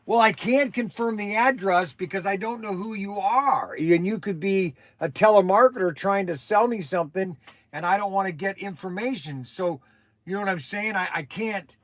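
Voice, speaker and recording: A man chats his way through a casual livestream, rambling and often restarting his sentences. His voice sits a little on the high side for a man. The sound is dry, with no room echo. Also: moderate pace. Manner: chatty and rambling, with many restarts. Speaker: livestream host.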